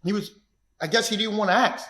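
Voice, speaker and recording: A martial arts instructor telling his own story in an emphatic, repetitive way that builds to shouts. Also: sits high, fairly quick. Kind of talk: personal storytelling. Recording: echoey room.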